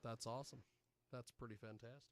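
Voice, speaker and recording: A man's voice: mid-range voice, steady tone, fast talker. A man hosting a live radio-style show, rambling casually and tossing jokey asides to himself.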